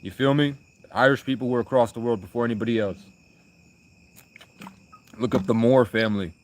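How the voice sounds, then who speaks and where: A man's voice: medium pitch, fairly quick. A young man live streaming, chatting with viewers in rambling, crude, provocative banter. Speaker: livestreamer.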